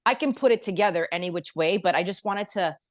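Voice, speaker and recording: A woman's voice: mid-range voice, quick pace. A woman from Canada chatting as a guest on a podcast, bubbly and laughing often. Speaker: guest singer and dancer. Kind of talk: casual interview chat.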